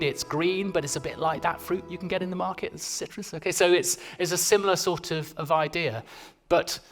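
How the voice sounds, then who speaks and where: A man giving a public lecture in a conversational, playful way, often restarting his sentences. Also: fairly high pitch.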